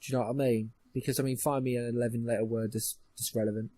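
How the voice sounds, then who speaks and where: Sweary husky young man. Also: mid-range voice, level tone, very fast, dark tone, no room sound. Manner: sweary, ranting, mocking. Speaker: podcast co-host. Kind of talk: casual chat.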